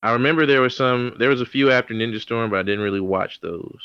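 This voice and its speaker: A man's voice: mid-range voice, fast, fairly bright tone, clear, resonant tone, dry recording, muffled recording. A man co-hosting a podcast, rambling in casual chat about old TV shows. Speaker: podcast co-host.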